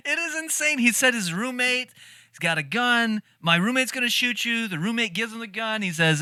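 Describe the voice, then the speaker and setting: A man's voice: very high voice, moderate pace, clear, resonant tone, no room sound, studio quality. A man hosting a reaction video, talking casually with lots of laughter and swearing. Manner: animated, laughs often, swears freely.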